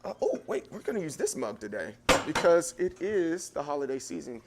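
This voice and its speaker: A man's voice: a little high, big pitch swings, a little fast, darkish tone, slight background noise. A man hosting a casual livestream from his home kitchen. He rambles in a chatty way and talks straight to his viewers while walking with a handheld camera. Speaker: livestream host.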